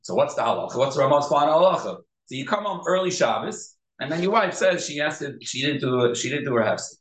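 A man's voice: a little high, animated, fast, a bit bright, roomy sound, rough recording. A man teaching a halacha class in Yeshivish English, explaining step by step and repeating key points. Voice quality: Yeshivish English with Hebrew and Yiddish terms. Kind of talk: Torah class lecture.

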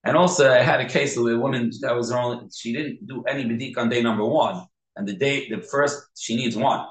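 A man's voice: mid-range voice, fairly quick, reverberant, poor audio. A man teaching a halacha class in Yeshivish English, explaining step by step and repeating key points. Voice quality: Yeshivish English with Hebrew and Yiddish terms. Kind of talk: Torah class lecture.

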